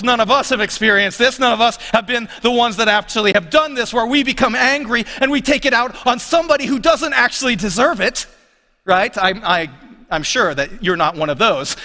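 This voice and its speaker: A pastor with a high, bright voice preaches to his congregation in a relaxed, conversational way, tossing questions out to the room. His voice swoops up and down freely, with a long reverb from the church hall around him. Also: fairly quick. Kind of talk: sermon. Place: church sanctuary.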